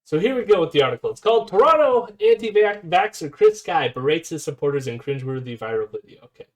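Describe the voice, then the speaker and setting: A man's voice: fairly high pitch, lively intonation, quick pace. A man hosting a casual live stream, reading an article aloud and commenting with fillers and self-corrections. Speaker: streamer host.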